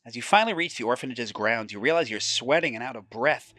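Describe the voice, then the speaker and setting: Animated man reading a horror game story. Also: medium pitch, fast, no room sound. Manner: animated, dramatic reading with casual asides. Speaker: board game channel host. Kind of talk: reading story text and explaining game moves.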